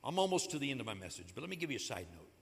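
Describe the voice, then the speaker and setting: A man preaching a sermon in a church, conversational and animated, acting out the stories as he goes. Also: medium pitch, racing, creaky. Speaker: pastor. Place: church sanctuary. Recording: echoey hall.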